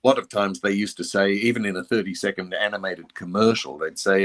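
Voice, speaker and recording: An older man with an Australian accent and a slightly low voice. He talks reflectively as an interview guest, circling back and restarting as he recalls old stories. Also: fairly even intonation, brisk, a bit bright. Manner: reflective and anecdotal, with frequent restarts. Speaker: voice actor guest. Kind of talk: casual interview chat.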